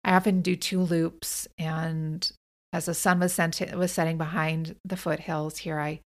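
A woman's voice: low-pitched, little pitch movement, measured pace. A woman hosting her own podcast, talking in an earnest, reflective way and often restarting her sentences. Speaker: podcast host and author. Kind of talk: personal reflective monologue.

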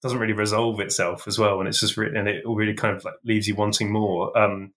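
A man gives his take in a casual podcast chat, hesitant and filled with ums and repeated words. His voice sits rather low. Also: flat delivery, fast, fairly bright tone. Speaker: podcast co-host.

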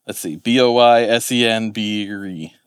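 A man's voice: on the low side, a little slow, clear, resonant tone, dry recording, clean studio sound. A man, co-hosting a podcast in casual chat, rambling and swearing as he corrects himself. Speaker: podcast co-host.

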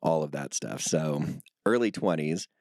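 A man in his thirties, a Spanish speaker, telling stories in a relaxed, casual interview, full of filler words and swearing. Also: rumbling low, unhurried, no echo, studio quality. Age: 30s. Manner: laid-back storytelling, heavy filler words and swearing. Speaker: guest.

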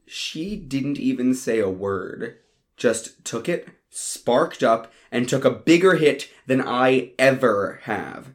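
A man narrating a first-person audiobook with wry, casual delivery. His voice sits at an ordinary middle pitch.

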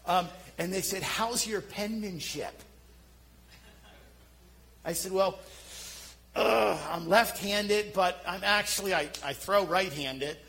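A middle-aged man with a Philadelphia accent preaching a sermon, telling self-deprecating stories in an animated way. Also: high voice, takes it slowly, creaky, pauses often, low-quality recording. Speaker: pastor.

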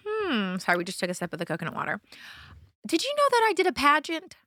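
A woman's voice: high voice, quick pace, dry recording, studio quality. A young adult woman co-hosting a podcast, chatting casually and telling a story with lots of acted-out quotes. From Southern California. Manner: animated storyteller, acts out quotes. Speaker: podcast co-host. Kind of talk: casual chat.

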